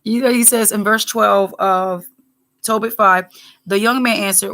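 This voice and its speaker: A woman leads a relaxed scripture lesson in a chatty, digressive way. She drops quick asides and livens up when she quotes someone. Her pitch sits in the middle range. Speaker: Bible study teacher. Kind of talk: casual scripture teaching.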